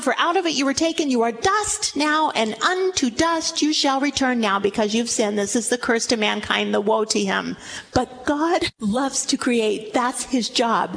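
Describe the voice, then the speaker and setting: A woman's voice: high voice, fairly bright tone. A woman in her sixties giving a Bible teaching talk. She is emphatic, reads scripture aloud dramatically and asks the audience direct questions. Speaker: religious teacher.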